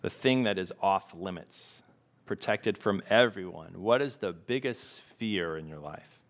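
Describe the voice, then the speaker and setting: A man preaching a sermon as pastor, reflective and unhurried, pausing to let questions sink in. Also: low voice.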